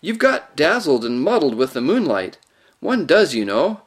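Grumpy doubting boy played by a man, higher pitch, dismissive, storybook reading. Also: very animated, moderate pace, breathy edge.

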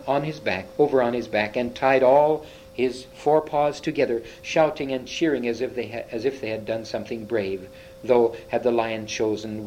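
A man reading a children's fantasy story aloud, slowly and a little haltingly, with small slips and restarts. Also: mid-range voice, darkish tone, slight background noise, poor audio. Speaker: reader.

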